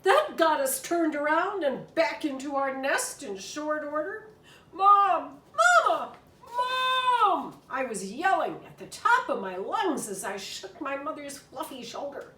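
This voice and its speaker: A woman reading a children's storybook aloud in an expressive, animated way. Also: sits high, measured pace, hardly any pauses, far from the mic. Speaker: reader. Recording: echoey room from afar.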